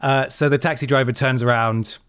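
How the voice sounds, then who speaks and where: A man hosting a podcast who tells a story in an animated way and swears a lot. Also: medium pitch, moderate pace. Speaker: podcast host. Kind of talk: casual chat, storytelling.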